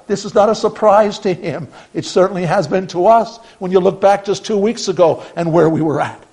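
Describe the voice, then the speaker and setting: High-voiced male pastor preaching earnestly. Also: brisk, low-quality recording. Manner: earnest preaching, swings from emphatic to hushed. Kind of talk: sermon.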